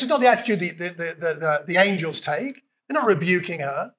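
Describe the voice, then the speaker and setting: A man with a British accent preaching a conversational sermon, retelling scripture and acting out lines with lively emphasis. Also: sits high, fairly quick. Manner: conversational, animated, acts out quotes with raised voice.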